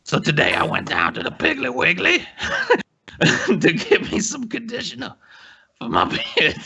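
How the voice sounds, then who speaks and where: A man's voice: high voice, huge pitch swings, a little slow, creaky, sharp tone, husky, voice pushed up, exaggerated voice. A man putting on the voice of a dim, rambling bearded guy, telling a meandering story with giggles. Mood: goofy. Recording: dull lo-fi sound.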